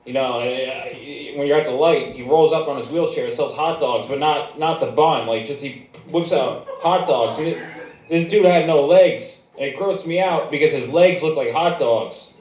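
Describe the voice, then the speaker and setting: A man's voice: on the high side, moderate pace, a little mellow. A man doing stand-up at a bar open mic, telling a crude, rambling story with plenty of restarts. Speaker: stand-up comic. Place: bar stage, echoey room. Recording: echoey bar room, distant mic.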